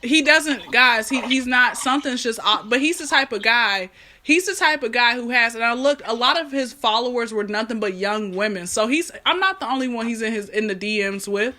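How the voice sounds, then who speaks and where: A woman's voice: fairly high pitch, moderate pace, pushed and bright. A woman hosting a podcast, chatting casually and telling stories in a rambling, chatty way over a remote call line. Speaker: podcast host.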